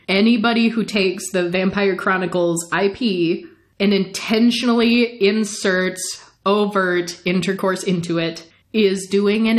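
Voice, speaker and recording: A woman hosting a podcast, telling a story in casual, chatty chat and often laughing. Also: mid-range voice. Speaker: podcast host.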